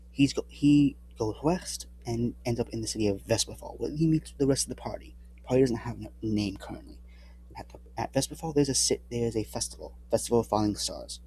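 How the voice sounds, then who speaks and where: A man's voice: lowish voice, mellow, slight background noise. A man casually recapping his tabletop game campaign, rambling and often correcting himself mid-sentence. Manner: rambling with frequent restarts and self-corrections. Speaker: tabletop game player and channel host.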